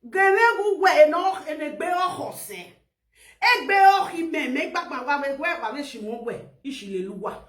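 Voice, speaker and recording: A high-pitched Nigerian woman with an Edo accent rants loudly and laughs as she talks. Her voice is bright and sharp, mixing Pidgin with a local language. It bounces around an echoey room. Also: expressive, unhurried. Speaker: social media vlogger. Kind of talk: animated casual rant.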